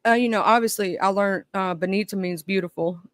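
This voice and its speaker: A woman's voice: mid-range voice, fairly quick, dry recording. A woman with a Southern US accent hosting a casual live-stream chat, joking and laughing often. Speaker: host.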